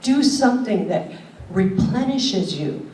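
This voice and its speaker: This older woman's keynote comes in a mellow, mid-range voice, slow yet animated, as she earnestly questions and shares stories. It was captured from afar in a conference hall with a roomy sound.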